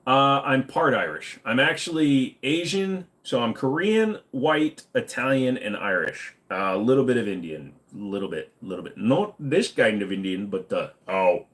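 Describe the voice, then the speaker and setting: A man's voice: medium pitch, sing-song, moderate pace, few pauses, a bit bright. A man hosting a casual livestream, reading chat aloud and answering in a blunt, profane, ranting way.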